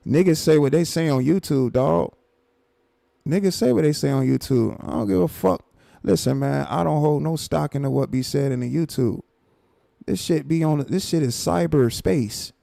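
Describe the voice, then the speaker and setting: A man's voice: medium pitch, gravelly, warm tone, no room sound, clean studio sound. A man hosting a live stream, casually reacting to a clip with exasperated, repetitive disbelief and chuckles. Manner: exasperated, repeats himself, laughs in disbelief.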